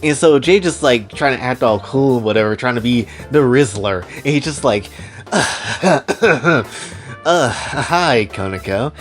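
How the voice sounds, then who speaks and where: A man's voice: medium pitch, normal speed, few pauses, faint music behind. A young man casually narrating a story in rambling, slangy speech.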